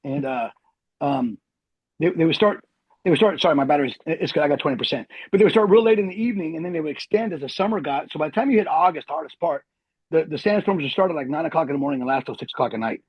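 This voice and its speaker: Husky, fast-talking veteran man. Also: fairly high pitch, dry recording. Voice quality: animated, slangy, says "dude". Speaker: army veteran guest. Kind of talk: casual storytelling. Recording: dull lo-fi recording.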